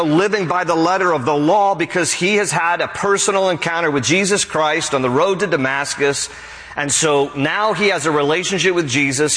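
A male pastor preaching a sermon, animated, acting out the people he quotes. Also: a little high, long reverb tail, rough recording.

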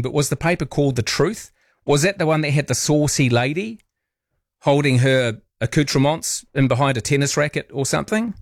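A male radio host, chatting wryly and teasing gently as he reads out listener texts. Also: medium pitch, no room sound, clean studio sound. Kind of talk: casual late-night radio chat.

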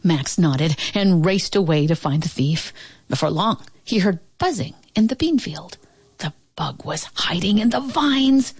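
A woman reading a children's picture book aloud with expressive, animated narration. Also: medium pitch, unhurried, husky, dry recording. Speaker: storybook reader. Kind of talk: children's storybook read-aloud.

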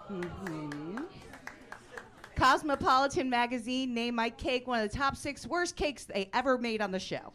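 A woman in her forties does a stand-up set on a comedy club stage before a live audience. Her fairly high-pitched delivery is dry and deadpan, breaking into loud bursts of mock outrage.

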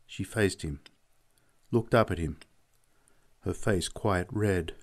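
A man narrating a novel in a measured, expressive audiobook reading. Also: sits low.

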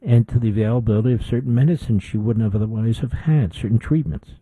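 A man's voice: medium pitch, fast, warm tone, husky, no echo, poor audio. A middle-aged man hosting a political talk show, delivering an indignant opinion monologue with emphatic repetition.

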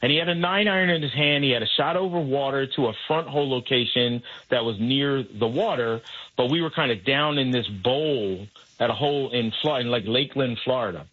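A man telling a caddying story in casual chat, animated and acting out voices in his anecdote. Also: mid-range voice, brisk, husky, lo-fi sound. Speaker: guest, golf caddy and comedian.

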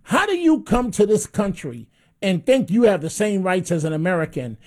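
A man's voice: high-pitched, very animated, normal speed. A man hosting a talk radio show, blunt and mocking, often repeating himself as he takes calls.

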